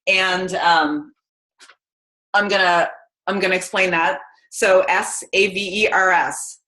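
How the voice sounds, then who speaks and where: A chatty, energetic woman, giving a casual motivational talk to her team. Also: lowish voice, slow. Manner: chatty and energetic, many fillers. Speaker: team call speaker. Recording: roomy echo.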